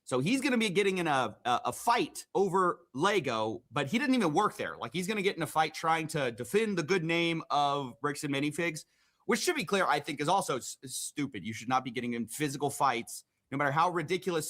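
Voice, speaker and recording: A man hosting a live stream, casually commenting on a video clip with loose, halting restarts. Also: a little high, fairly bright tone. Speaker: streamer host.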